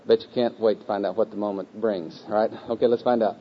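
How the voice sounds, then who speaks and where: Guy leading a group through memorizing a bible verse, says each phrase slow and over again, kinda muffled old recording. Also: on the low side, fairly even intonation. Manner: patient, repetitive, slow chanting of phrases with a group. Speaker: teacher leading scripture memorization. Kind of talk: group teaching session. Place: room with a live group. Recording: dull lo-fi recording.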